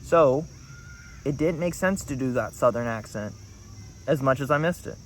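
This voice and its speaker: A man's voice: medium pitch, normal speed, a little hiss or hum. A man talking to the camera in a rambling, earnest monologue. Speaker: vlogger.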